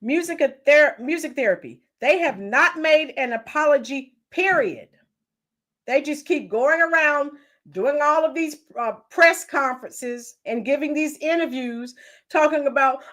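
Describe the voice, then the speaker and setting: A woman's voice: high-pitched, lively intonation, measured pace, fairly bright tone. A woman hosting a live commentary stream, giving opinions and greeting chat viewers by name. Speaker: livestream commentary host.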